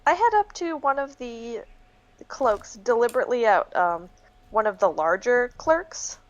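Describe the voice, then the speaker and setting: A woman playing in a tabletop game, playful and quick with asides. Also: a little high, expressive, highs cut off. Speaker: player. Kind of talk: tabletop role-play as a player.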